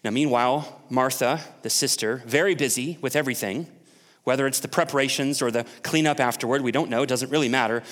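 A man's voice: medium pitch, a little fast, a bit bright. Guy pastor giving a sermon, chatty, asks the room stuff, echoey church hall. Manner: conversational, asks the congregation questions.

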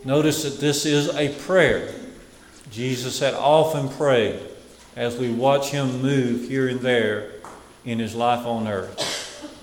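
A man preaching a sermon who repeats key phrases and lets them fall to a hush. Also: medium pitch, takes it slowly, roomy sound, in a large hall, a little hiss or hum, poor audio.

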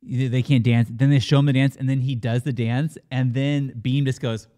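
A man's voice: medium pitch, level tone, normal speed, dark tone. A man co-hosting a casual movie review, gushing and swearing freely. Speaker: podcast co-host.

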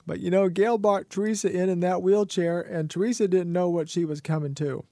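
A man's voice: high voice, steady tone, a little fast, dark tone, no room sound, clean studio sound. A man hosting a radio talk show, preaching with fervent, repetitive motivational conviction. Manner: fervent, preachy, repeats phrases for emphasis. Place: radio studio. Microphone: studio microphone.

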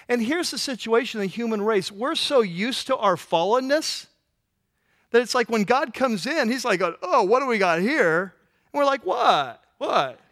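Guy preaching, pretty high voice, tells stories and does the voices, gets worked up. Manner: animated storytelling, acts out voices, rising intensity. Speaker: pastor. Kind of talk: sermon.

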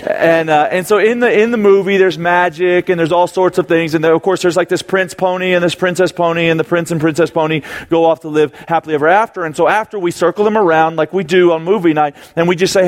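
A man's voice: on the high side, fairly even intonation, fast. A man in his thirties, a young adult ministry pastor, giving a conversational sermon to a live audience, telling a family story and acting out quotes with frequent restarts. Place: church auditorium before a live audience.

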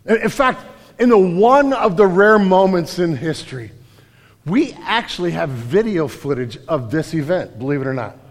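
A man preaching a sermon in a lively, animated way, acting out quotes loudly. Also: high voice, normal speed. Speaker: pastor. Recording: hall reverb.

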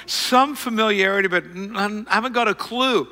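A middle-aged man telling a self-mocking personal story to an audience, rambling and animated. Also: high voice, normal speed, big-room sound.

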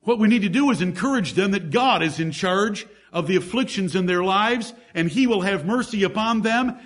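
A man's voice: sits high, animated, moderate pace, fairly bright tone. A man preaching a sermon as pastor, emphatic, with rhetorical questions and lists of scripture examples.

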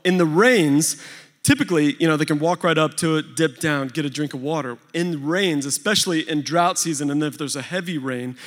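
A fairly high-pitched man with a drawl preaches to a big congregation, telling a story with animated swings between booming and hushed. His voice rings out with a long hall reverb behind it. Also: a little fast. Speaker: speaker at a church recovery gathering. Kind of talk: sermon storytelling. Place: large church hall before a big crowd.

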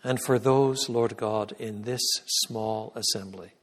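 A man delivers a sermon-style lecture in a church, his voice slightly husky. He hammers his key points loudly, then sinks into a hushed, reverent prayer. The sound rings with the long reverb of the church hall. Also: fairly low pitch, fairly even intonation, slow. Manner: emphatic, swings from loud peaks to hushed prayer. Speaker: guest lecturer.

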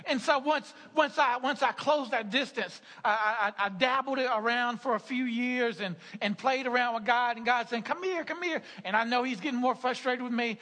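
Middle-aged male pastor, sermon, stammering restarts, high bright voice. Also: fairly even intonation, normal speed, few pauses. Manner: repetitive, stammering restarts, laughing asides. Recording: hall reverb.

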